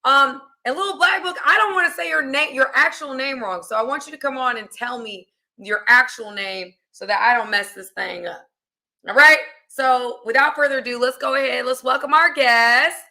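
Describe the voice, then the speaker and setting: A young American woman is hosting a casual livestream. Her voice sits a little high and has a bright, forward edge. She talks in a lively, chatty way and calls her viewers y'all. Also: normal speed. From United States. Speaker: host.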